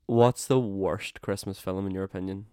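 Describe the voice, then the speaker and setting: Young man, podcast host, smooth resonant voice, dry close sound, casual, swears a lot. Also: low voice, fairly even intonation, moderate pace, dark tone, no room sound. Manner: chatty, swears freely, laughs often. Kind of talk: casual chat.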